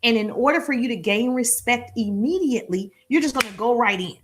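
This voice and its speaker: High-voiced energetic woman sales coach. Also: fairly quick, noisy background. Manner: energetic, repetitive, acts out little dialogues with high-pitched voices. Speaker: sales and marketing business coach. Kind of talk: live-streamed coaching talk.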